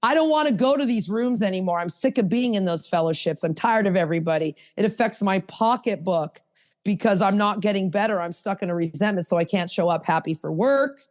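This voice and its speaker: A woman hosting a podcast, teaching a hands-on workshop in a casual way, blunt and self-mocking, swinging from low asides to high emphatic bursts. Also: brisk, a little mellow. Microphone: podcast mic.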